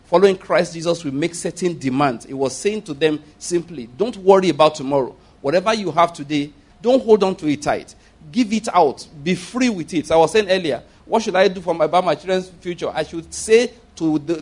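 Preaching a sermon with a slightly raised, somewhat high voice, a middle-aged Nigerian man hammers home key phrases through repetition. He stays emphatic throughout and drops into quoted voices as he lays out his points.

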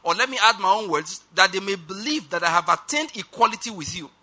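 A man preaching a sermon in a high, sharply bright voice. He slows right down and leans on each word of scripture, then rushes through his asides and calls on the congregation to repeat after him. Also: animated. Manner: emphatic, slows down for quoted scripture.

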